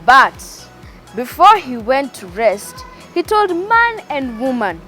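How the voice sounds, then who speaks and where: Animated woman telling a children's story. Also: high-pitched, slow pace, soft background music. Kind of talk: reading a Bible story for children.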